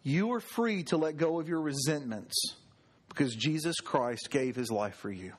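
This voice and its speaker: High-voiced preacher man. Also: animated, moderate pace, breathy edge. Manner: conversational storytelling preaching, drops pitch at ends. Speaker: pastor. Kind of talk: sermon.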